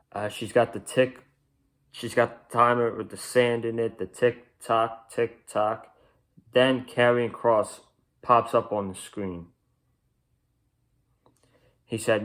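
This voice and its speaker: A young man giving a casual, rambling and opinionated review of a wrestling show, often restarting his sentences. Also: medium pitch.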